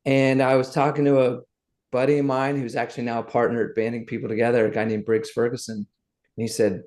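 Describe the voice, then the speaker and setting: Man, middle-aged, podcast guest, animated storyteller. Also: mid-range voice, quick pace. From Southern United States. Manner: lively anecdotes, acts out the people he quotes.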